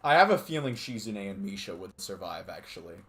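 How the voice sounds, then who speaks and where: A man's voice: fairly low pitch, big pitch swings, a little fast, fairly bright tone. A man streaming with friends, reading visual novel narration aloud and chatting and laughing between passages. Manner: reads steadily, then laughs and banters. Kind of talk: narration read aloud, casual chat with friends.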